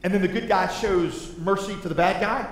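A male pastor preaching a sermon in a big church, talking in a loose, conversational way that swings between soft and loud. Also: high voice, moderate pace. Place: large church sanctuary. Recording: echoey hall with faint noise.

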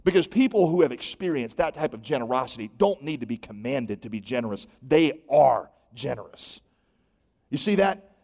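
A man in his thirties preaching a sermon, telling stories with lively acted-out dialogue. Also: medium pitch, normal speed, creaky. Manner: animated storytelling with acted-out dialogue. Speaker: pastor. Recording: long hall reverb.

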